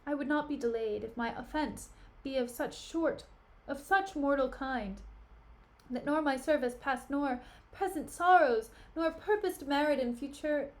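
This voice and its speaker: A woman's voice: high voice, unhurried. Cassio, a woman reading as a remorseful young officer. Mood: pleading. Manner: pleading, remorseful.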